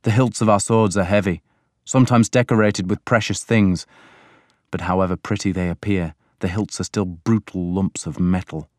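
A man narrating an audiobook in a measured, deliberate way. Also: deep voice, steady tone, a little mellow, dry recording, clean studio sound.

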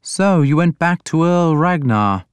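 A man voicing a mild but stern scholarly king in an audiobook, speaking in a measured way. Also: on the high side, lively intonation, clean tone, no room sound, pitched above the performer's own voice. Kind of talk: audiobook character voice.

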